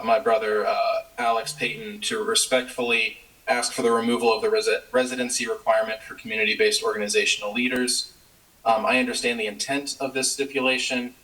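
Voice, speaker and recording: A man giving earnest, halting public testimony at a council meeting as a community program leader. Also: mid-range voice, steady tone, fairly bright tone. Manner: earnest, halting, many fillers. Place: city council chamber. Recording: voice distant from the mic.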